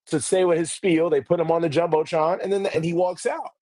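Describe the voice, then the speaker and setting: Guy on a podcast telling a story, kinda high voice, swears a lot, acts out the quotes, dry close mic. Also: steady tone, brisk, darkish tone, dry recording. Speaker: interviewer for a grappling promotion.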